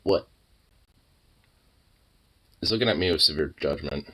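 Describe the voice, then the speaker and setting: A man's voice: extremely low pitch, a little slow, fairly bright tone, slightly rough. A man chatting to his pet dog in teasing baby talk, mixing cooing with swearing. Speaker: pet owner vlogger.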